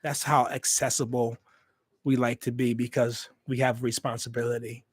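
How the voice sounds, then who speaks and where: The host of a hospitality YouTube channel chats with his livestream viewers in a mid-range, husky voice with a level tone and normal speed. He's emphatic and repeats phrases to drive points home, and his USB desk microphone gives a dry, studio-quality recording.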